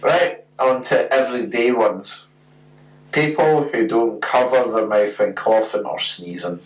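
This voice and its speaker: A Scottish man in his twenties co-hosting a podcast, telling stories in a sweary, animated way. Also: mid-range voice, a little slow, roomy sound, distant mic, poor audio. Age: 20s. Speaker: podcast co-host. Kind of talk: casual chat.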